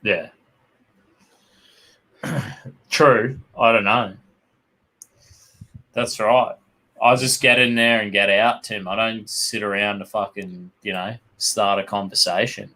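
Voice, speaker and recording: A man's voice: on the low side, fairly even intonation, takes it slowly, long pauses, sharp tone. An Australian man chatting as co-host, swearing constantly and telling rowdy pub anecdotes. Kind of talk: casual chat.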